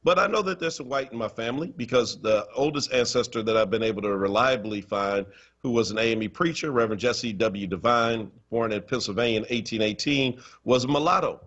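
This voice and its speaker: A man's voice: mid-range voice, a little fast. A man co-hosting a talk radio show, telling stories and teasing his co-host playfully. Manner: animated storyteller, playful teasing. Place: radio studio. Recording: dull lo-fi stream audio.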